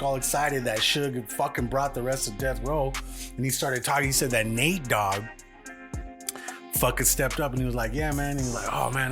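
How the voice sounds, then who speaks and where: Man, podcast co-host, rambling profane storytelling, mid-pitched voice, music playing underneath. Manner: profane, rambling retelling with many fillers. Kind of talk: casual storytelling chat.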